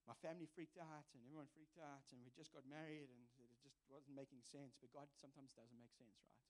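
A man's voice: mid-range voice, steady tone, fairly quick. A man preaching a sermon, earnest and confessional, telling a personal story with self-mocking humour. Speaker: visiting preacher.

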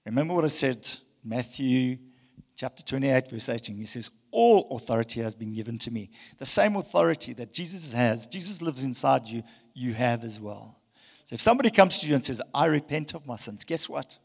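A male pastor preaching a passionate sermon, swinging between loud emphasis and hushed tones. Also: mid-range voice, lively intonation, fairly quick, vocal fry, breathy edge, in a large hall. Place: church hall.

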